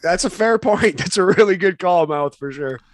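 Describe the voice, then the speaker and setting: Male co-host, emphatic superlatives, slightly raised pitch, dry close mic. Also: animated, normal speed, no room sound. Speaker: podcast co-host. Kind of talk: casual wrestling review chat.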